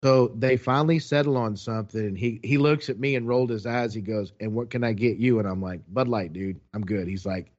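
A man in the middle of a long, chatty story, acting out what everyone said in a relaxed, animated way. His voice sits in an ordinary middle range. The recording sounds a little muffled and lo-fi. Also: mid-range voice, fairly quick, hardly any pauses. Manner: animated, chatty, quotes people as he goes. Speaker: guest telling a story. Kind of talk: casual storytelling.

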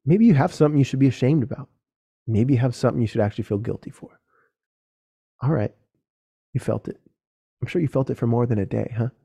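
A man's voice: mid-range voice, fast, vocal fry, long pauses, dark tone, breathy edge. A young man hosting a solo podcast, talking earnestly and directly to other men, casual and with some swearing. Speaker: podcast host.

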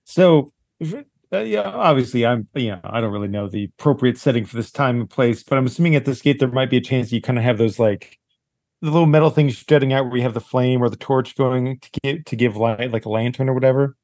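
A man's voice: medium pitch, quick pace, a little mellow, dry recording, clean studio sound. A man playing a tabletop game, laying out his plans at length. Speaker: player.

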